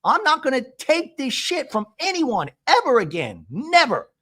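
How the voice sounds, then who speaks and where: A man's voice: very high-pitched, wildly swooping pitch, normal speed, sharp tone, voice pushed up, heavily acted. A man imitating an upset woman reality star who pleads emphatically and drags out her words. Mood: pleading.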